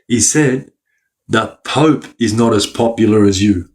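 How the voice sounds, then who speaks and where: A man telling a story in casual chat, animated and laughing often, swearing freely and tagging his lines with "right?". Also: medium pitch, moderate pace. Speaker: podcast guest.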